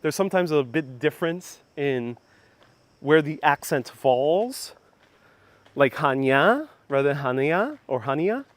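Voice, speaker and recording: A man's voice: on the high side, lively intonation, a little slow, dry recording. Man, native Spanish speaker, live walking tour, outdoors, casual, reads viewer comments. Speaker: travel vlog host. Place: outdoors in old town streets. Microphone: phone on gimbal with clip-on mic.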